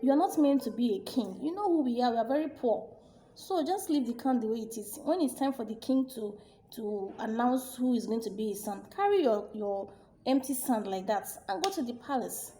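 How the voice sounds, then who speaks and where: A woman's voice: fairly high pitch, lively intonation, a little fast, warm tone, a little hiss or hum, lightly acted. A woman voicing a poor village mother who firmly reassures her son. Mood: reassuring. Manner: firm, reassuring.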